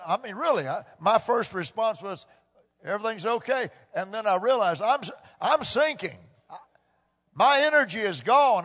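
A man preaching a sermon as a pastor, building from slow, quiet stretches to loud, shouted peaks. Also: high voice. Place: church sanctuary. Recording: long reverb of a large hall.

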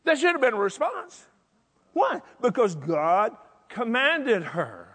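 An older male pastor preaches with emphatic, repetitive force. His voice is high, bright and lively, and it rings out with a long reverb. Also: takes it slowly. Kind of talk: sermon.

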